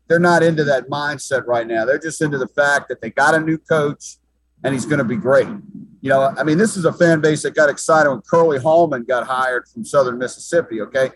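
A man's voice: on the high side, no room sound, poor audio. Male sports analyst, dry close sound. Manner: emphatic, repeats words often while thinking. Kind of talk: sports talk commentary.

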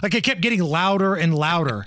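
A man's voice: sits high, animated, fairly quick, a bit bright, a little hiss or hum. A man hosting a podcast, talking in a blunt, crude and mocking way. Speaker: podcast host. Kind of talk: casual opinion talk.

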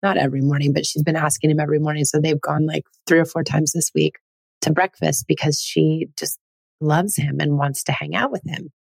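A woman's voice: deep voice, fairly even intonation, brisk, vocal fry, darkish tone, breathy edge, no room sound. A middle-aged woman hosting a podcast, telling personal stories in an earnest, casual way. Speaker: podcast host. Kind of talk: casual solo podcast talk.

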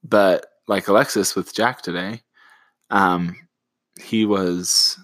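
Relaxed, rambling man chatting dryly. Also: sits low, slow, dry recording. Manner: relaxed, rambling with many fillers. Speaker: podcast co-host and parent. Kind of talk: casual conversational chat.

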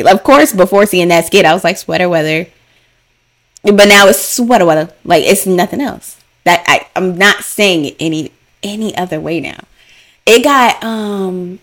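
Chatty woman podcast host, playful. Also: on the low side. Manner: chatty, playful and animated, repeats lines for emphasis. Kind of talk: casual solo podcast chat.

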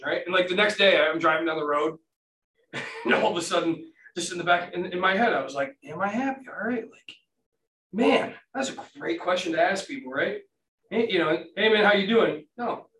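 A man in his thirties talks casually on a podcast, drifting through stories and cursing freely. His voice sits a bit high. He is set back from the mic in a roomy, echoing space. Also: normal speed, bright, forceful tone, distant mic. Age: 30s. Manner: rambling storyteller, swears freely, quotes others. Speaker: podcast co-host. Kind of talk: casual chat.

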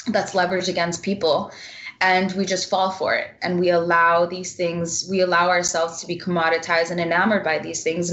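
A woman's voice: on the low side, fairly bright tone. A woman guest talking bluntly and passionately in a casual interview, swearing freely.

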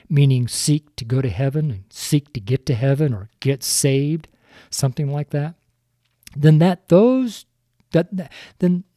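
A man's voice: a little high, warm tone, no echo, clean studio sound. An older man, a longtime street preacher, giving a sermon into a microphone, stumbling over his words and chuckling at himself. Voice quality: stumbling, self-deprecating, chuckling often. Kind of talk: recorded sermon show. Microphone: studio microphone.

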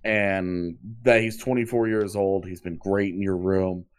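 A man's voice: sits low, fairly even intonation, measured pace, clear, resonant tone. A man co-hosting a podcast, talking casually about hockey contracts and thinking aloud with frequent restarts. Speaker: podcast co-host. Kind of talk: casual sports talk.

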